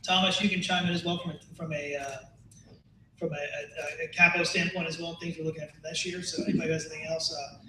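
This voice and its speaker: A man's voice: on the high side, little pitch movement, quick pace, bright, forceful tone, a little hiss or hum. A man on a board introducing people at a meeting, talking in a rambling, chatty way. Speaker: board member. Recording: roomy room from far off.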